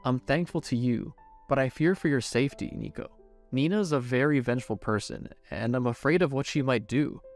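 A man voicing a gentle, shy grocery store owner who speaks softly and reassuringly. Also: mid-range voice, a little fast, soft background music, natural voice. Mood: worried. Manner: soft, reassuring.

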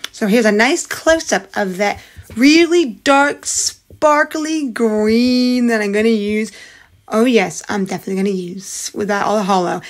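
A woman's voice: mid-range voice, a little slow. A woman narrating a casual nail art tutorial in a chatty, upbeat way, with rambling asides.

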